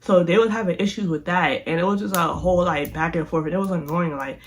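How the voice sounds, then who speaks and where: A young woman vlogger casually telling a storytime, animated and slangy, often repeating herself. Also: on the low side, quick pace.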